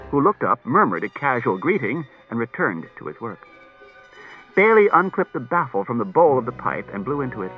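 A man reads a novel aloud as audiobook narration, with a lively, varied delivery. The sound is thin and phone-like, as from an old cassette, with faint music behind him. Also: medium pitch, breathy edge. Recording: tinny narrow-band cassette tape, faint music.

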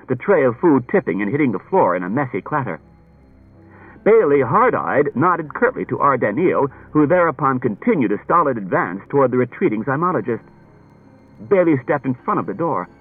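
A man narrating a dramatic story with an animated, expressive reading, heard through a tinny old radio broadcast. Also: medium pitch, moderate pace, slightly rough, soft background music.

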